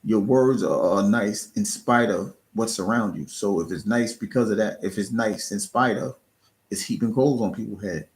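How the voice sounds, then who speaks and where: Streaming live, a man offers his chat casual, earnest motivational encouragement, often restarting and repeating words. His voice sits on the low side at a moderate pace.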